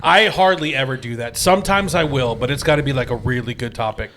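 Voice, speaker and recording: A middle-aged man co-hosting a podcast in casual chat, animated and jokey, laughing often. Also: mid-range voice, fast talker, a little hiss or hum. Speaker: podcast co-host.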